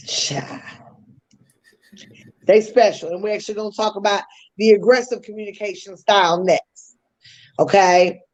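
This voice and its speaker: A woman's voice: mid-range voice, moderate pace, pauses often, rough recording. A woman hosting a podcast, explaining communication styles in a teaching tone with casual slang asides. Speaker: podcast host.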